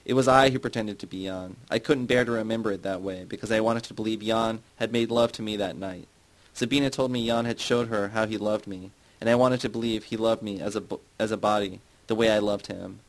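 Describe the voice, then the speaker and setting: A man's voice: fairly low pitch, fairly even intonation, fairly quick, lightly acted, poor audio. A man reading the part of a middle-aged woman who confesses old memories, then turns sarcastic and provoking. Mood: confessional.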